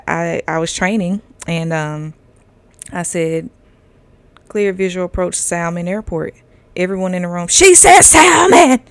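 Woman, 30s, podcast host, low-pitched, creaky, candid, casual, profane. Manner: candid, profane, laughs often; loose drawling delivery with fillers.

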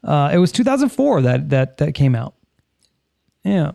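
A man hosting a relaxed podcast chat, quick with jokes and teasing asides as he reads listener comments. His fairly high voice has a gravelly, fry-laden texture, recorded close and dry. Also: no echo. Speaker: podcast co-host.

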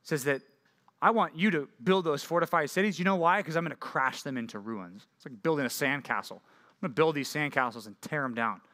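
A young man preaching a youth sermon, energetic and jokey, often checking in with "right?". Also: a little high, fairly quick. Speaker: youth pastor.

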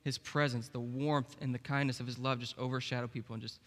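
A man's voice: mid-range voice, level tone, quick pace, a bit bright. A young man preaching a sermon as pastor, in a casual, conversational way with frequent "like" and "okay". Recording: long reverb of a large hall.

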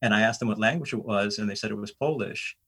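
A middle-aged man from the United States with a somewhat low voice. He tells stories casually and rambles, restarting sentences and filling pauses as he goes. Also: husky. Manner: rambling, animated anecdotes with many fillers. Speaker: guest. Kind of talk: casual storytelling in a conversation.

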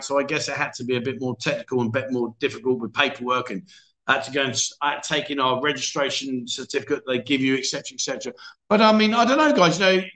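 A man's voice: a little high, sharp tone. A man hosting a casual livestream chat show, reading out viewer comments in a chatty, self-deprecating way. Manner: chatty, self-deprecating, frequent restarts and "mate". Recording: echoey room.

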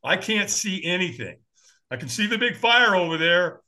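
His voice high-pitched and his pace moderate, a firewalk instructor from the United States tells an animated story as a podcast guest, mimicking others' voices with frequent chuckles.

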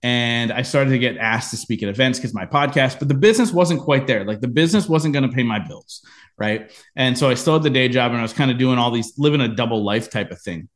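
A man in a podcast interview, telling a personal business story with lively acted-out quotes. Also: medium pitch, a little fast. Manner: animated storyteller, acts out quoted lines. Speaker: podcast guest, entrepreneur.

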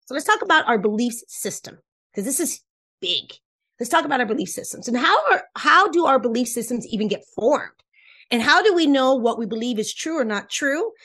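A woman whose first language is Spanish, a relationship coach explaining ideas in an interview, lively and emphatic, repeating points and laughing often. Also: high-pitched, fairly quick. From Cuba. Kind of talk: animated explanatory interview talk.

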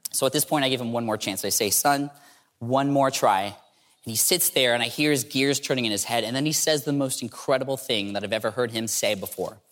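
A man's voice: mid-range voice, fairly quick, fairly bright tone. Man telling a humorous story. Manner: playful, acts out dialogue in the telling. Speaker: speaker at an entrepreneurship event.

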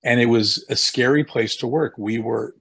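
A man from the audience speaking haltingly, repeating words as he shares his thanks. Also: medium pitch, gravelly, fairly bright tone, slightly rough. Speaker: audience member. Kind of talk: sharing thanks at an event.

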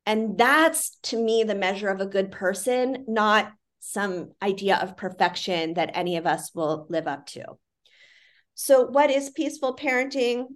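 A woman's voice: medium pitch, animated, a little slow. A woman speaking as an interview guest, earnest and reflective, with the odd "like" and "you know". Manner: earnest, reflective, with frequent fillers. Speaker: parenting institute CEO, guest. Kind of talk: conversational interview.

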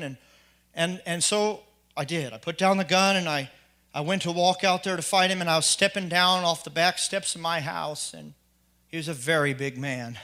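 A man giving a spoken personal testimony, earnest and halting, often restarting his sentences. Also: a little high, sharp tone. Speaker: testimony speaker.

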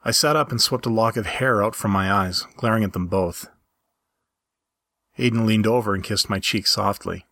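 A man reading a story aloud in a calm, measured way. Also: fairly low pitch, no room sound. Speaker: story reader.

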